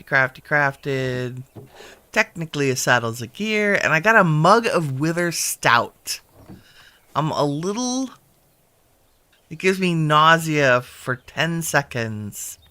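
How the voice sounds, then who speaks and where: Man, casual gameplay commentary, gravelly, bright tone, talks things through to himself. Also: medium pitch. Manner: chatty, thinks aloud to himself while sorting. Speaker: gaming video host.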